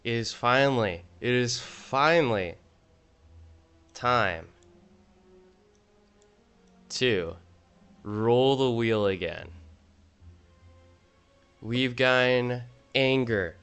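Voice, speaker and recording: Slow-talking joking man ranking game cards. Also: mid-range voice, fairly bright tone, clean tone. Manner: joking, self-mocking, rambling. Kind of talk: casual gaming commentary.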